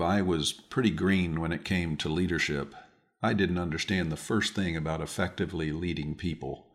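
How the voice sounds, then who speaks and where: A middle-aged man with a very deep, low voice hosts his own podcast. He delivers a scripted, reflective monologue at a measured, deliberate pace, like a seasoned speaker sharing hard-won lessons. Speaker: podcast host.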